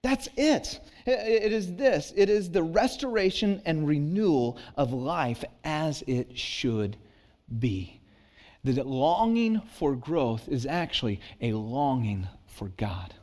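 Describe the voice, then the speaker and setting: A man's voice: on the high side, lively intonation, slow pace, darkish tone. Earnest man in his thirties preaching. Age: 30s. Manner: earnest, conversational preaching with rising emphatic peaks. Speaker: pastor. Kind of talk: sermon.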